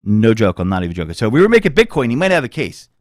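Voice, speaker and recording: A man's voice: medium pitch, huge pitch swings, rapid-fire, no room sound, clean studio sound. A man hosting a casual podcast, rambling and cursing freely as he tells stories. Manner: rambling, swears freely, does mocking voices. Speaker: podcast host.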